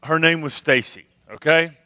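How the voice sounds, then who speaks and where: A man telling a funny camp story to a youth crowd as a former youth minister, animated and tagging his sentences with "okay? all right?". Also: on the high side, normal speed, dry recording. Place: live youth camp worship service.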